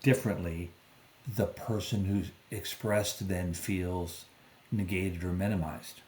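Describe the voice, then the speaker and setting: A man who is a clinical psychologist guest, explaining calmly and in a measured way. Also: low-pitched, a little hiss or hum. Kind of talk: expert explanation in conversation. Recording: roomy, distant from the mic.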